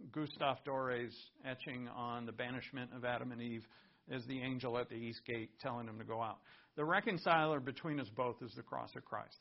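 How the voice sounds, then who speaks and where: Male pastor, gravelly mid-pitched voice, animated conversational sermon, dull lo-fi recording. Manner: animated, conversational preaching with asides and laughs.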